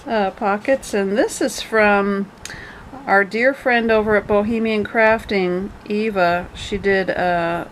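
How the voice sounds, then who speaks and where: A woman's voice: mid-range voice, steady tone, slow pace, a little hiss or hum, rough recording. Chatty woman showing off a handmade journal. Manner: chatty, rambling, with jokey asides. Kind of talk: casual show-and-tell.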